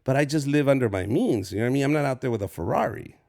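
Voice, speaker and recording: A man's voice: medium pitch, animated, rapid-fire, gravelly, a little mellow. A man in his forties from Southern California, a stand-up comedian telling loose, profane stories as a guest in an interview. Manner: loose, profane storytelling, acts out voices. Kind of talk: casual storytelling interview.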